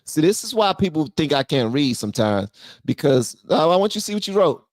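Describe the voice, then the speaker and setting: Animated ranting live stream host. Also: male voice, fairly high pitch, brisk, no echo, studio quality. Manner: animated, loud swings between shouting and muttering. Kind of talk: ranting commentary and reading chat on a live stream.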